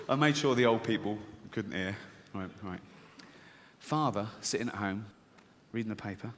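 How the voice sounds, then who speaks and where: A male stand-up comedian telling a story in a relaxed, conversational way. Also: lowish voice, unhurried. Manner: conversational, storytelling, self-amused. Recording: live venue with long reverb, faint ambience.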